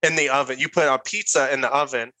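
A man with a bright, forceful voice spins a rambling story for his friends and jumps into the quotes as he goes. The sound is dry and close. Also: mid-range voice, fairly even intonation, quick pace, no echo, low-quality recording. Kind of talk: casual storytelling among friends.

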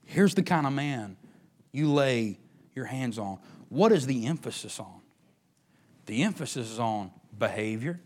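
A middle-aged man, preaching a sermon as pastor, swinging between emphatic rises and hushed near-whispers. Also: medium pitch, lively intonation, unhurried.

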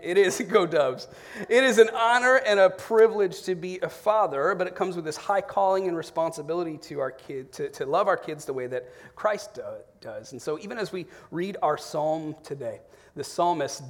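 A man in his forties, a pastor preaching a sermon, telling family stories with animated bursts and soft, reflective drops. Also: on the high side.

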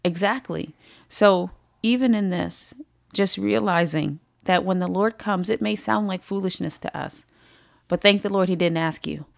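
Low gravelly woman teaching Bible study. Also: a little slow, no room sound, clean studio sound. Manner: emphatic, repeats phrases for stress.

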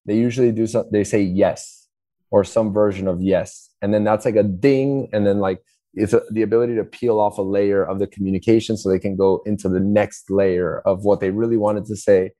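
A man speaks casually as a podcast guest, often restarting his sentences and acting out examples. His voice is low and warm, recorded dry and close. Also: fairly even intonation, fairly quick, no echo. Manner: explains by acting out dialogue, many restarts. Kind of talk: casual interview talk.

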